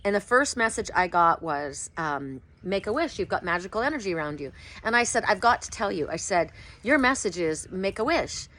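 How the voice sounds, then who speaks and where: A middle-aged oracle card reader speaks at a moderate pace in a casual outdoor vlog, recounting her sessions and repeatedly bursting into high, excited exclamations.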